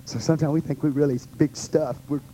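A man with a Texan accent, a pastor teaching a Bible study to a group, preaching with passion that swings between loud and hushed. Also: fairly high pitch, steady tone, fast, a little hiss or hum, rough recording. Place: church meeting room with a group.

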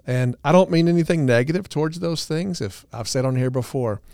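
A man's voice: medium pitch, smooth, no echo. A man co-hosting a therapy podcast, explaining ideas in an earnest, easygoing way with dry self-deprecating humor. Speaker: podcast co-host, couples therapist. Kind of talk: casual podcast talk.

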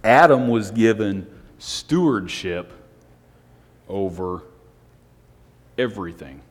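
A man preaching a Sunday night sermon, speaking in a self-described monotone with joking asides to the congregation. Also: on the low side, slow. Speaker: pastor. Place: church hall on a Sunday night. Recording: long hall reverb.

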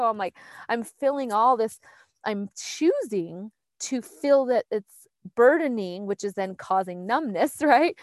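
A woman's voice: fairly high pitch, lively intonation, moderate pace, dry recording. A woman talking in a casual heartfelt chat, earnest and reflective, meandering and restarting as she goes.

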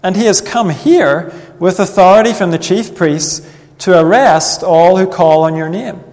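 A man preaching a sermon in an earnest, measured way, reading Bible passages aloud. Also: high voice, darkish tone. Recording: long reverb of a hall.

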